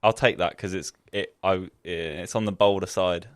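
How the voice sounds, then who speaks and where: A man's voice: low voice, fairly even intonation, normal speed, no echo, studio quality. A man on a podcast, good-humoured and taking his friends' teasing in stride. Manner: good-humoured, takes jokes well. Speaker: podcast co-host. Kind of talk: casual banter.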